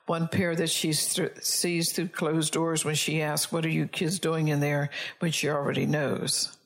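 God as a patient creator, told by a gravelly woman. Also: low voice, little pitch movement, measured pace. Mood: earnest. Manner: earnest storytelling delivery.

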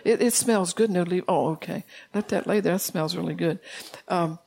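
A gravelly, fry-tinged voice of a preacher at mid pitch. It preaches an informal sermon in a loose, conversational manner, with frequent laughs. The delivery is folksy rather than formal. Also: moderate pace, darkish tone.

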